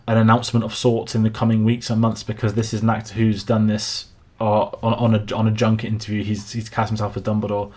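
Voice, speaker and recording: A young man with a slightly low voice talks through film casting news in a loose, thinking-aloud way. He often restarts a phrase before pushing on. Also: darkish tone. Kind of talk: casual commentary to camera.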